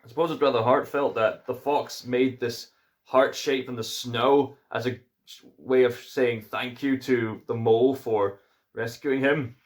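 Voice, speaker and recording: A man's voice: mid-range voice, fairly even intonation, unhurried. Hesitant Scottish man reviewing a film. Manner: hesitant, musing, many fillers. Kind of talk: casual video review.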